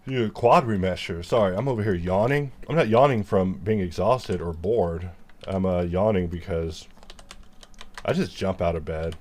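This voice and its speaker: A man's voice: deep voice, a little mellow. A man casually talking through his 3D modeling work, rambling and cracking self-mocking jokes as he goes. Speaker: 3D modeler teaching his workflow. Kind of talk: casual commentary while modeling on screen.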